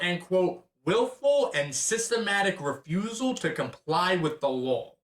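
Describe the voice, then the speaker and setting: A man's voice: fairly high pitch, a bit bright, echoey room, distant mic. An American man recapping the year's news in a casual, chatty way with sarcastic asides and frequent fillers. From United States. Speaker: channel host.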